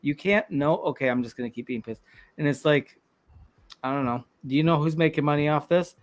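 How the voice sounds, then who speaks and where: Ranting man with a slightly high voice. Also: fairly quick. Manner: heated, ranting with profanity. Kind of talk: casual chat.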